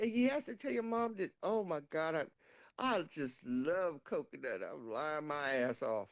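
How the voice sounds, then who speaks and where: A woman co-hosting a casual chat, telling animated, profane stories and laughing through them. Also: low-pitched, measured pace.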